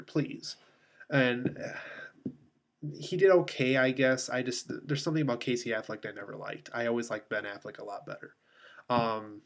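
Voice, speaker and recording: Man, mid-pitched, casual movie review delivered off the cuff, rambling with frequent ums. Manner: rambling, many filler ums and restarts.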